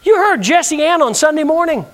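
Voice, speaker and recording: A man's voice: very high-pitched, sing-song, a little fast. A male pastor preaching a sermon, leading the congregation in call-and-response with emphatic delivery. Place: church sanctuary.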